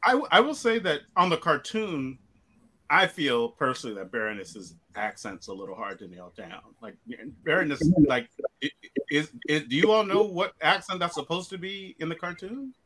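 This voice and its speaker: A man co-hosting a casual podcast, animated, quick to laugh and ask questions. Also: fairly high pitch. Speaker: podcast co-host.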